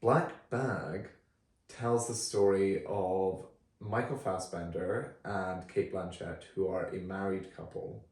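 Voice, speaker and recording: A relaxed, chatty man with a fairly low voice talks through films as a podcast co-host. He sits back from the mic in an echoey room. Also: slow. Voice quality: relaxed, chatty with frequent fillers. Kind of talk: casual film review chat. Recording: roomy, distant from the mic.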